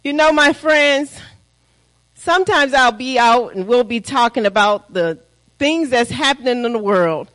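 A woman's voice: a little high, expressive, measured pace, fairly bright tone, poor audio. A woman preaching a sermon, asking the congregation rhetorical questions and calling for responses.

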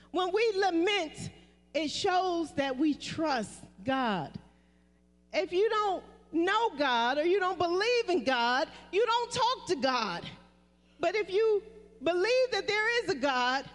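A woman pastor with a very high voice delivers a sermon, often asking the congregation to say phrases back to her. Her voice rings out in a church sanctuary with a long, lingering reverb. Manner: call-and-response preaching, repeating phrases.

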